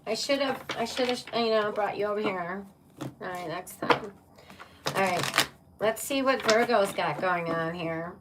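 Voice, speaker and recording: A woman's voice: mid-range voice, measured pace, recorded from a distance, background noise. A woman giving a casual live-streamed tarot reading, chatty and playful, often laughing and calling her viewers "my love" and "baby". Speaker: tarot reader.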